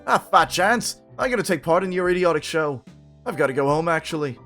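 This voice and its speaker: A man's voice: a little high, lively intonation, fairly quick, fairly bright tone, soft background music. A man voicing a scornful, hostile young man who snaps in a sneering, raised voice while reading game dialogue aloud.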